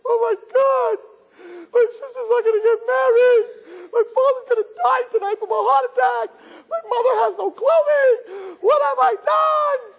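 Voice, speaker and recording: A man voicing a distraught teenage girl who wails in a shrill, tearful voice. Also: normal speed, in a large hall, dull audio. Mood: wailing. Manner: wailing, panicked.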